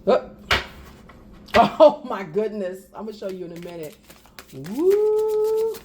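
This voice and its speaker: Animated woman giving a spiritual reading. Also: medium pitch, slow, background noise. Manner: animated, laughing, exasperated asides. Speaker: tarot reader. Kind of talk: casual spiritual reading to viewers.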